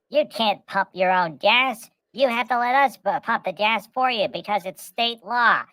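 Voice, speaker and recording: A woman voicing a pushy male gas station attendant who talks slowly and emphatically. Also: fairly high pitch, a bit bright, no echo, pitched above the performer's own voice. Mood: bossy. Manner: bossy, slow and emphatic.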